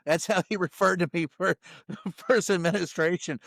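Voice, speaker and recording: A middle-aged man with a fairly high voice tells stories as a guest in a relaxed interview. He speaks bluntly, chuckles through his sentences and slips into the voices of the people he quotes. The sound is dry and close, with no room echo. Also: normal speed, creaky. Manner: animated storyteller who acts out quotes and laughs mid-sentence; blunt, salty wording. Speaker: White House reporter, guest. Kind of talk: casual storytelling interview.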